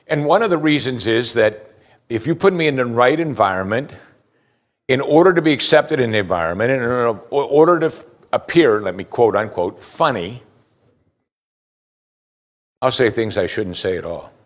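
A man's voice: medium pitch, lively intonation, moderate pace. Man preaching a sermon, asking pointed questions. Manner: asks the congregation pointed questions; reads scripture aloud between remarks. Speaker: pastor.

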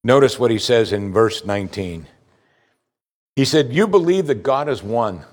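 A man preaching a sermon with emphatic delivery, swinging between loud stress and quiet asides. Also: mid-range voice, animated, normal speed. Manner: emphatic preaching, rising and falling in volume. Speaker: pastor.

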